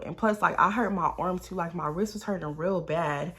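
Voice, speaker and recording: A woman telling a storytime to her viewers in a casual, animated way, swearing and calling them y'all. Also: on the low side, moderate pace, hardly any pauses. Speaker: storytime vlogger.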